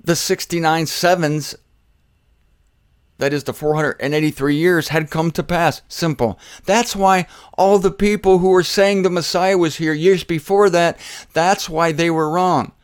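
A man teaching the Bible in an informal, conversational way, shifting between emphatic bursts and quiet asides and speaking straight to his listeners. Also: a little high, fairly even intonation, unhurried, clear, resonant tone, no echo, studio quality. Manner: conversational, jokey, addresses listeners directly. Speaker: preacher.

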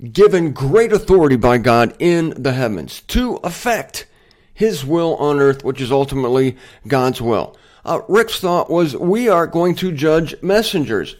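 A man hosting a Bible teaching show, chatty and digressive, with self-deprecating humor and emphatic points. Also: a little high. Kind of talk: casual Bible teaching monologue.

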